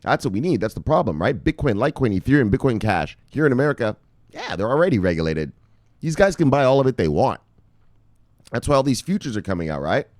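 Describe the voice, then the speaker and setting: A man from Canada giving excitable, profane crypto news commentary, repeating himself and calling viewers brothers. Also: mid-range voice, fast, no room sound, clean studio sound.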